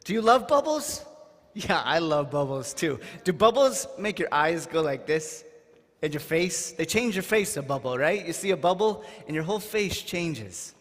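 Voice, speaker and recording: A man, a rabbi, leading a holiday service and talking gently and playfully with the children. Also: on the high side, normal speed. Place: arts center hall. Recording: long hall reverb, faint music.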